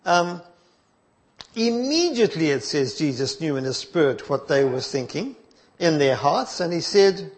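A male preacher, delivering a sermon in a measured, emphatic way that drops to soft asides. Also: on the high side, big pitch swings.

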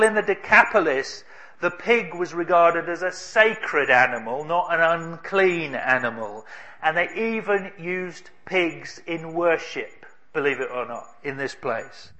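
A man preaching a sermon, telling a story in an emphatic way with dramatic pauses. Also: a little high, pushed and bright.

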